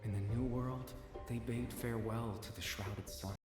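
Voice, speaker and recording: An actor voicing a solemn male narrator in scripted game-trailer narration, grave and measured. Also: medium pitch, fairly even intonation, lightly acted. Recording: echoey reverb with music underneath.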